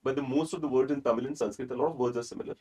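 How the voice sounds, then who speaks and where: A man's voice: mid-range voice, steady tone, rapid-fire, darkish tone, breathy edge. A man from India with an Indian accent, hosting an interview podcast in an earnest, lecturing way. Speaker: podcast host. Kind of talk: casual interview chat.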